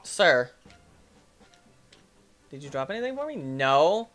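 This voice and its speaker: Excitable man with lively pitch. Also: slow pace, faint music behind. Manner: playful, excitable, talks back to enemies. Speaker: gaming channel host. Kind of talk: let's play commentary.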